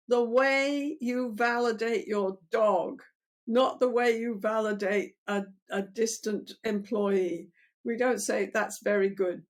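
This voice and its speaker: An older woman therapist explaining her methods in an interview, animated, acting out lines of dialogue between client and therapist. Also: on the high side.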